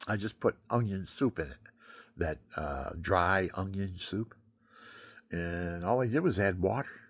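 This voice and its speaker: A deep, slightly rough-voiced older man rambles chattily in a casual vlog at home, showing things as he talks. He has a stuffy nose and speaks through it.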